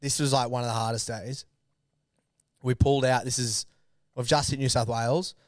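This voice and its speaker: A man's voice: medium pitch, steady tone, normal speed, dry recording, studio quality. Laid-back young Australian guy telling stories. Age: 20s. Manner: rambling, laughing mid-sentence, acts out his own shouts. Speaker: guest runner. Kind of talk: casual storytelling.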